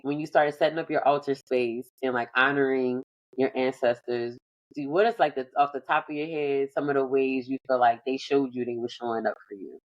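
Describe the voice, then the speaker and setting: A woman hosting a relaxed conversation, reflective and loosely phrased with lots of "like". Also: a bass voice, brisk, dull audio. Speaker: podcast host. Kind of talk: casual conversation.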